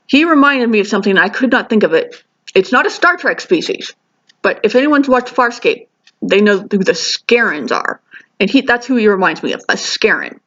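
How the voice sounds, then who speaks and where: A woman's voice: mid-range voice, lo-fi sound. A woman giving a casual spoken review of a TV episode, chatty and enthusiastic, with frequent restarts and asides.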